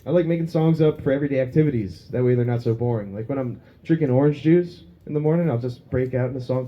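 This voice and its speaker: A man's voice: mid-range voice, brisk, dull audio. A man doing a crude, self-mocking stand-up set on a small pub stage, laughing at his own jokes. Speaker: stand-up comedian.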